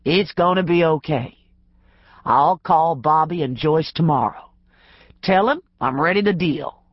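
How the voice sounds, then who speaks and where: Audiobook: narrator plays a calm, scheming husband, soothing and sure of himself. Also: female voice, low-pitched, a little slow, breathy edge, dry recording, muffled recording. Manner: soothing, confident. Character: reassuring middle-aged husband, quietly scheming.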